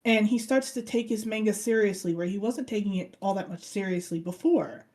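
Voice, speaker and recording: Woman cohost gushing through an anime plot, mellow dark voice, does little voices for the characters. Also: mid-range voice, a little fast. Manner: animated storyteller who acts out characters' lines. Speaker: podcast co-host. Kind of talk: casual chat, retelling an anime plot.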